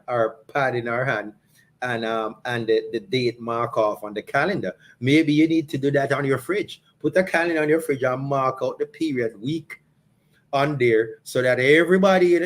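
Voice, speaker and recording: A man hosting a podcast in a casual monologue, animated and repeating phrases for emphasis. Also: medium pitch. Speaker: podcast host.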